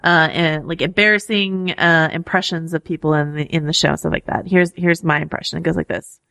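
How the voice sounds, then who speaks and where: A woman's voice: deep voice, steady tone, brisk, creaky, a bit bright, no echo, clean studio sound. A woman co-hosting a casual TV podcast, chatty and upbeat, laughing often between points. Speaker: podcast co-host. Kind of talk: casual pop-culture podcast chat.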